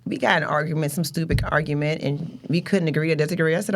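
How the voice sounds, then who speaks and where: A woman co-hosting a podcast in casual chat, often agreeing and acting out past arguments. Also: sits low. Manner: quick talker, agreeable, acts out quotes. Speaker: podcast co-host.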